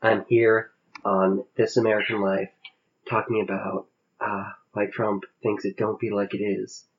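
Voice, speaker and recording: A man doing a hushed, murmuring radio host. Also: level tone, dull audio. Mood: hushed earnest. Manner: low, murmured, slow and earnest. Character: hushed, soft-spoken male public-radio host.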